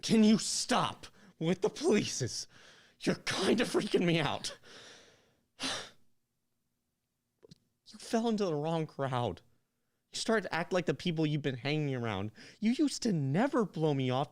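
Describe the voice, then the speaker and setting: A young man's voice, jittery and flustered, rising and falling widely in pitch, as an actor reads the part. He plays a lovesick gamer who is resentful toward his friend. It comes from a live reading of a new play. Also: big pitch swings, measured pace, long pauses. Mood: bitter. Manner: nervous, flustered, turning bitter and accusing.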